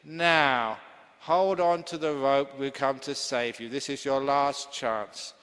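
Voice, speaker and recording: A man's voice: medium pitch, steady tone, takes it slowly, fairly bright tone. A man voicing rescue crew members who urgently plead with someone to come aboard. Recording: long hall reverb.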